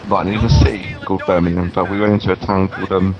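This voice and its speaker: Rambling low-voiced man. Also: little pitch movement, quick pace, lo-fi sound, over music. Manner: rambling and hesitant, full of ums and restarts. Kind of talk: comedic in-character rambling monologue. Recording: voice over loud video game gunfire. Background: game battle sounds with gunfire.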